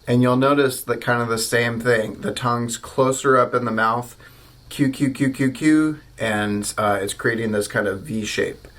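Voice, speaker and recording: A man's voice: mid-range voice, little pitch movement, moderate pace, few pauses, a bit bright. An American man teaching a trumpet lesson, explaining articulation and saying practice syllables aloud. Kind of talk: instructional video lesson.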